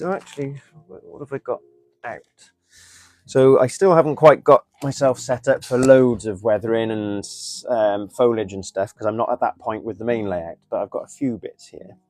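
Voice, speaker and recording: A man's voice: mid-range voice, a little mellow. A man talks casually through a live crafting stream, half to himself and half to his viewers. His voice sits mid-range, and faint music plays in the background. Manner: chatty, mutters while working, reads viewer comments. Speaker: model railway hobbyist streamer.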